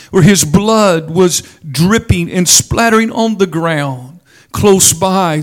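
A male preacher delivering a sermon at an unhurried, measured pace. His fairly high voice swells for emphasis, then sinks low and quiet. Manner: slow, deliberate preaching with dramatic rises and drops.

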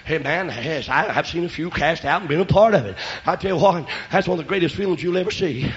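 A man preaching a revival sermon and telling his testimony, shouting in bursts, then dropping to quiet asides. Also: on the high side, fast talker. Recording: lo-fi church recording.

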